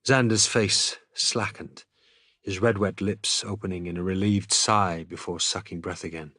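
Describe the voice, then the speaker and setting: A man reading a novel aloud in an expressive, dramatic audiobook style as a streamer. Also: deep voice, measured pace, dry recording, clean studio sound.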